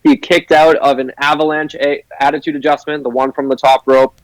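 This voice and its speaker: A man's voice: a little high, flat delivery, fairly quick, no room sound, rough recording. Young man, interview guest, chatty and eager, lots of "like", dry close sound. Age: young adult. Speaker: guest, broadcasting student. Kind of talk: casual interview chat.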